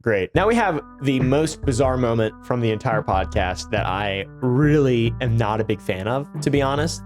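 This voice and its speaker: A man's voice: mid-range voice, expressive, normal speed, soft background music. Sarcastic man doing video commentary. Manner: mocking, exasperated asides. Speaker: commentary YouTuber.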